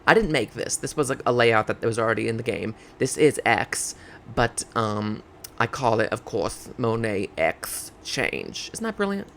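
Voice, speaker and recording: A man's voice: mid-range voice, sing-song, moderate pace, creaky, a bit bright. Campy guy rambling over his game footage, voice bouncing all over, faint hiss behind. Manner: campy, chatty, drag slang; rambling with fillers and self-checks. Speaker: game video creator. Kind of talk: casual gameplay commentary.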